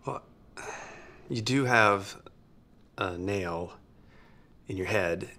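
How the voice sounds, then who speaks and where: An actor playing a practical young boyfriend in a comedy sketch, matter-of-fact and a little exasperated. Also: male voice, low voice, drawn-out words, sharp tone, heavily acted. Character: practical young boyfriend who keeps trying to fix things.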